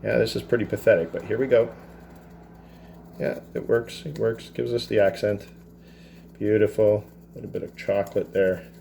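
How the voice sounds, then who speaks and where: A man teaching a cooking class, talking through a dessert step by step in a relaxed, chatty way with self-deprecating asides. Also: lowish voice, moderate pace, vocal fry, long pauses, a little hiss or hum. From Canada. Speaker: culinary teacher. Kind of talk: cooking demonstration. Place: school kitchen.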